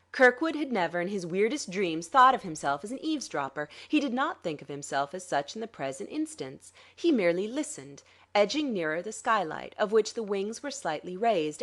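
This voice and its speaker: A woman narrating a classic detective story in an expressive, measured way. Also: mid-range voice. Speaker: audiobook narrator. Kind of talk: scripted audiobook narration.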